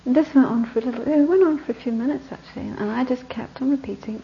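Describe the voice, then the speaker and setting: A woman Buddhist teacher telling a story in a Dharma talk, animated and sometimes dropping to soft whispers for emphasis. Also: sits high, fast talker, creaky, few pauses, dull audio, a little hiss or hum.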